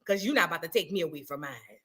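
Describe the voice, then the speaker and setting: Bright-voiced woman ranting bluntly. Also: sits low, quick pace. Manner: blunt, profane, animated with mocking impressions. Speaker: commentary host. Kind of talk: ranting reaction commentary.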